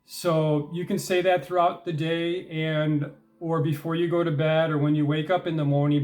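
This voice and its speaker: A middle-aged man giving a casual talk on manifesting, conversational, with frequent fillers and "all right?" check-ins, building to emphatic stress on key points. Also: on the high side. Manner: grows emphatic and louder when stressing determination. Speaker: self-help speaker.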